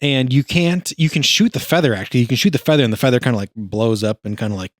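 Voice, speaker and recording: A man's voice: mid-range voice, fast talker, no room sound. A man co-hosting a podcast, easygoing in casual chat, explaining things at length. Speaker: podcast co-host.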